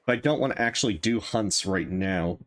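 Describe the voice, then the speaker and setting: A man's voice: on the low side, brisk. A man streaming a survival game, giving casual commentary and thinking aloud over his choices.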